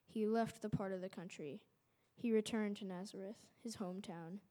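A woman reads a scripture passage aloud at a steady, measured pace. Her voice is mellow and warm, sitting in a middle pitch. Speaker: scripture reader.

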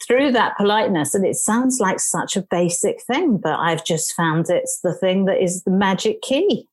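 A woman with an English accent in casual conversation, telling her experience in an emphatic, animated way. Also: mid-range voice, normal speed, slightly rough. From England.

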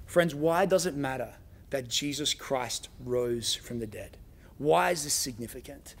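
Gravelly-voiced man preaching a sermon. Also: mid-range voice, normal speed. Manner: dramatic storytelling, voicing quoted lines. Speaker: pastor.

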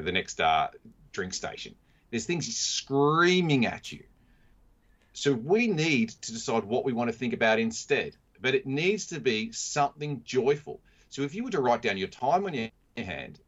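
A man's voice: medium pitch, a bit bright, husky. A man, a mindset consultant, telling a story in casual conversation and acting out the quotes in a raised voice. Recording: dull lo-fi sound.

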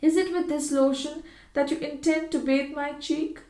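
A woman's voice: high voice, animated, normal speed, mellow, pitched above the performer's own voice. A woman voicing an anxious young wife with a raised, questioning delivery, in an audiobook reading. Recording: roomy echo.

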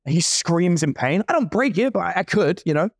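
A man's voice: high voice, lively intonation, fairly quick, dry recording, studio quality. A man in his forties telling a story in casual talk, playing out the other people's lines as he goes. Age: 40s. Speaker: guest entrepreneur.

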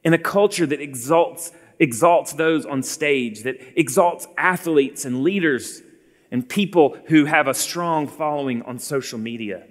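A man's voice: fairly high pitch, measured pace, in a large hall. A man in his forties preaching an earnest sermon, calling his listeners beloved.

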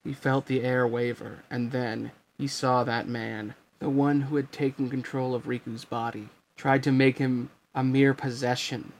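A man narrates a story with a gravelly, textured voice. His reading is steady and unhurried, moving between narration and characters. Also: medium pitch. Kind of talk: fan fiction reading.

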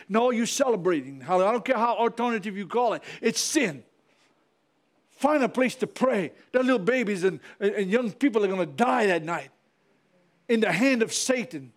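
Pastor, male, fiery sermon delivery, very high and lively pitch. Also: normal speed. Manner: fiery preaching with repetition and calls to the congregation.

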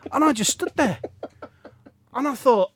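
A man's voice: very high-pitched, animated, measured pace, husky. A man co-hosting a podcast, telling long rambling holiday stories in casual chat with self-deprecating asides. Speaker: podcast co-host.

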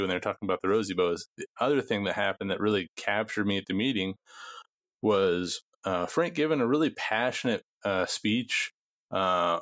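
A man talking as a guest co-host in a casual podcast chat, measured and thoughtful. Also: deep voice, fairly bright tone, dry recording.

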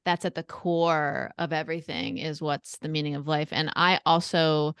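A woman's voice: deep voice, moderate pace, a bit bright, smooth, dry recording, clean studio sound. A woman co-hosting a podcast, talking about a book in a thoughtful, affirming way. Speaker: podcast co-host. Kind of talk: casual podcast book discussion.

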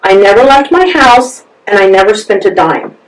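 A woman's voice: medium pitch, expressive, normal speed. A woman, a guest on an interview podcast, telling a personal story with lots of energy and acting out both sides of the conversations. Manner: acts out both sides of conversations, laughs often. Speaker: interview guest, massage therapist. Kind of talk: animated storytelling. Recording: roomy sound from a distance.

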